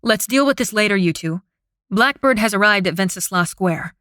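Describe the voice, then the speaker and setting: A woman voicing a brisk, commanding female operations officer on the radio. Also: mid-range voice, animated, a bit bright, dry recording, clean studio sound, close to an everyday voice.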